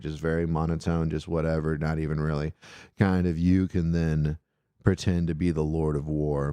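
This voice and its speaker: A man's voice: sits low, dark tone, clear, resonant tone, no room sound. A man hosting an irreverent call-in live stream, talking casually and rambling loosely, with swearing. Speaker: call-in show host.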